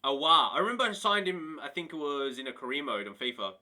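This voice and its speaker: A man's voice: a little high, brisk. A man live-streaming a football management game, chatting to his viewers and exclaiming in disbelief. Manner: excitable, talks to chat, laughs and exclaims in disbelief. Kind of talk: casual live-stream commentary.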